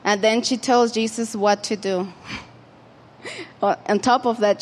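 A woman's voice: a little high, steady tone, unhurried, pauses often, in a large hall. A woman preaching an informal sermon in a conversational way, with frequent fillers and restarts.

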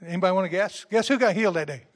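A man preaches a sermon in a high voice, retelling stories in a folksy way. He often calls on the congregation to answer back, with frequent restarts as he goes. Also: very fast.

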